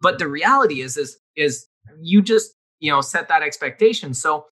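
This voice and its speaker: Male co-host, chatty and filler-heavy, very bright, sharp tone. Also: a little high, moderate pace. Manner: animated, loose explaining with many fillers. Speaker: podcast co-host. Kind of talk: casual conversation.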